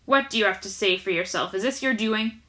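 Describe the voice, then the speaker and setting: A woman voicing a gruff, suspicious farm team leader who yells and demands answers in a storybook reading. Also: mid-range voice, fairly quick, close to an everyday voice. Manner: yelling, demanding, scowling.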